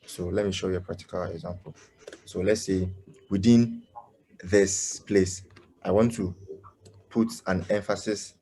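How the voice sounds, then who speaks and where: A low, mellow male voice teaches a coding lesson over a video call and keeps pausing to ask "you understand?". Faint noise hums underneath. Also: flat delivery. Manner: halting, many fillers, keeps asking "you understand?". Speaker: coding instructor. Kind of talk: live online coding lesson.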